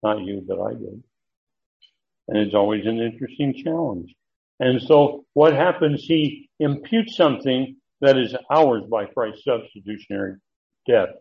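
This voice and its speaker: Male Bible teacher, unhurried and emphatic, muffled lo-fi recording, mid-pitched. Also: expressive, vocal fry. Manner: deliberate, emphatic, with frequent pauses and fillers.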